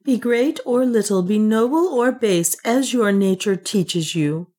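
A woman's voice: mid-range voice, a little slow, mellow, voice pushed up, close to an everyday voice. A woman reading aloud, voicing a proud, defiant queen who speaks with dignity.

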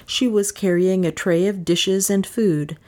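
A woman narrating an audiobook in a measured, unhurried reading voice. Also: medium pitch, steady tone, darkish tone.

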